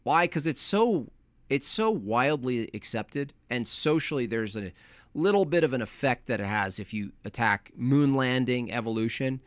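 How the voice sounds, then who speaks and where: A man's voice: medium pitch, expressive, normal speed, no echo. A man hosting a livestream, reading chat and ranting in a mocking, opinionated way. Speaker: livestream host.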